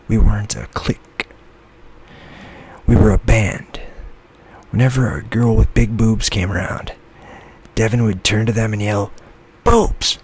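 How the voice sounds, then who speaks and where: Man, soft-spoken ASMR reading, gravelly, somewhat low voice, lo-fi recording. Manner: soft, low-key reading that slips into whispers. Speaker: author reading his own novel. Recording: lo-fi with faint background noise.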